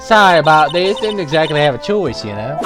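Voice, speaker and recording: A brash young woman photographer, as a player puts her on with a hammy Southern drawl. The delivery is loud and folksy and swings widely in pitch. Game music plays underneath. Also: very animated, a little fast, natural voice. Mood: indignant. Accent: put-on Southern US drawl. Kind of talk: voicing game dialogue while playing.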